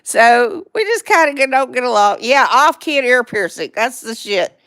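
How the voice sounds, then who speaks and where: A middle-aged woman with a raised, gravelly voice talks unhurriedly through a casual livestream chat. She rambles from one thought to the next and laughs often. The sound is close and dry. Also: high-pitched, expressive, moderate pace, a bit bright, no echo. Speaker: livestream host.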